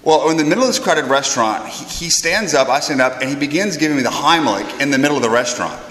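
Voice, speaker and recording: A man, a priest, telling a funny anecdote with animated, self-deprecating energy and stumbling repeats, in an echoey hall. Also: fairly high pitch, quick pace. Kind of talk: storytelling anecdote.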